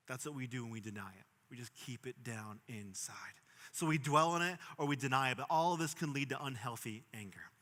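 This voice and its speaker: A young man preaching a sermon as pastor, earnest, swinging from emphatic bursts to quiet, low stretches. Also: brisk, long reverb tail. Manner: earnest, rising to emphatic bursts then dropping soft.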